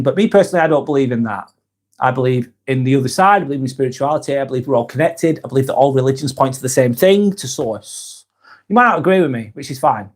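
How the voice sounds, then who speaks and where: A man hosting a live vlog, chatting casually and reading out viewer comments, frank and blunt with plenty of swearing. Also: medium pitch.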